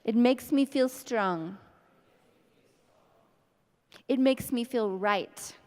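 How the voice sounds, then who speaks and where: A woman leading a guided tapping session, speaking slow scripted affirmations between deep sighs and breaths. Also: a little mellow. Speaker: EFT tapping practitioner. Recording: long reverb in a hall.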